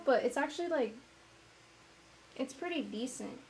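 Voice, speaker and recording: A woman vlogger chatting casually to herself as she paints, rambling and self-mocking as she thinks out loud. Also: sits high, lively intonation, a little fast, long pauses, a little hiss or hum, poor audio.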